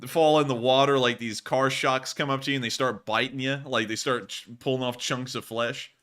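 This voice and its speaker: A man's voice: mid-range voice, fairly even intonation, normal speed, a bit bright. A man hosting a casual live stream, joking around, laughing often and repeating his phrases as he reacts to viewer messages. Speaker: show host reading viewer messages.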